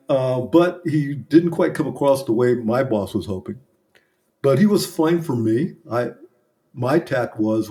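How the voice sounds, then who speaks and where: Mellow-voiced man telling candid stories. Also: medium pitch. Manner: reflective, earnest, self-critical. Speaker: business consultant, podcast guest. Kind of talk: candid conversational storytelling.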